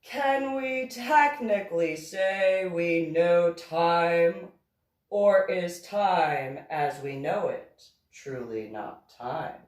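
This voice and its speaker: A woman voicing a sly, teasing female professor in a slow, drawn-out, theatrical way. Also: fairly low pitch, darkish tone, pitched above the performer's own voice. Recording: echoey room, far from mic.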